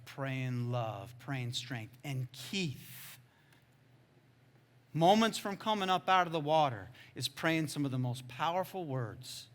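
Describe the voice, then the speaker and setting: A man preaching a sermon as a pastor, telling a story with lively, self-mocking humor and sudden swings between hushed and loud. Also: mid-range voice.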